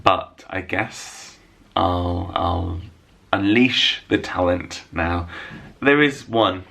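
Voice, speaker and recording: Deep gravelly man chatting to camera. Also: very slow, a bit bright. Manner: self-mocking, jokey. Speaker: vlogger answering viewer questions. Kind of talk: casual chat to camera. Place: room at home lit by a window.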